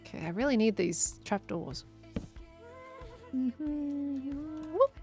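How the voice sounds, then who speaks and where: A woman's voice: high-pitched, expressive, slow, music in the background. A woman chatting casually on a gameplay livestream, reading viewer messages aloud and answering them as she plays. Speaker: streamer.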